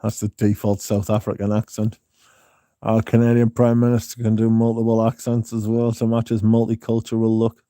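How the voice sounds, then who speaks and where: A man's voice: fairly low pitch, monotone, normal speed, mellow, no echo, clean studio sound. A man hosting a livestream, reading live comments in casual chat, laughing often and swearing. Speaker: livestream host.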